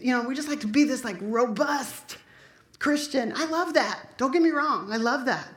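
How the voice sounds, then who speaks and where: A woman's voice: sits high, moderate pace. A woman preaching a sermon in a chatty, conversational way, dropping joking asides to her congregation. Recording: echoey room.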